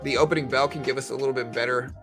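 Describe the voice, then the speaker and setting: A man's voice: mid-range voice, steady tone, very fast, music in the background. A man giving rambling, casual live-stream commentary on trading, talking to his viewers with lots of fillers. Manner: rambling, conversational, full of fillers.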